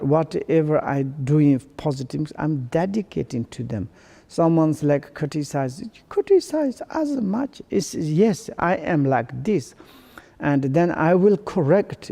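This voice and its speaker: Gravelly, mellow-voiced Buddhist teacher, man. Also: fairly high pitch. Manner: halting non-native English with many restarts. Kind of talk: dharma teaching to students.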